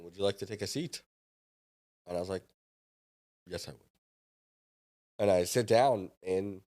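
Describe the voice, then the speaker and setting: A man's voice: low-pitched, warm tone. A man in his thirties, a podcast guest, telling a story casually and acting out the dialogue.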